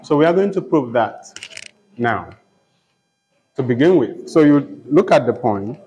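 A man lecturing on poetry in a slow, deliberate classroom style. He repeats phrases for emphasis and pauses to ask "okay?" before moving on. His voice sits at an ordinary middle pitch. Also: animated, dark tone, highs cut off. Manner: slow, repetitive, checks in with "okay?". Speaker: literature teacher.

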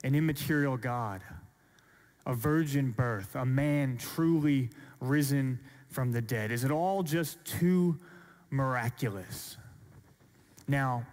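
A man giving a Christian apologetics talk to an audience, earnest and deliberate, building up rhetorical questions and slowing down for emphasis. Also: mid-range voice, darkish tone. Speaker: Christian speaker.

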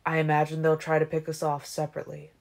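A woman voicing a serious young male vampire in an audiobook reading, grave and measured. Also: low voice, monotone, vocal fry, darkish tone.

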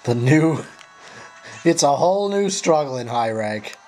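A man giving profane, frustrated live commentary while playing a video game, yelling at his companions and apologizing to viewers. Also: fairly high pitch, animated, measured pace, soft background music. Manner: frustrated, swearing, sarcastic. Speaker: gameplay commentator.

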